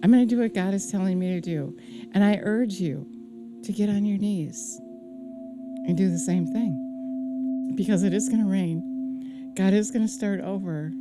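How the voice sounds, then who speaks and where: A woman voicing Noah, an older man firmly and urgently warning his neighbors, within a sermon, over soft singing-bowl music. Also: mid-range voice, a little slow, long pauses, natural voice. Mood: resolute. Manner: firm, urgent pleading.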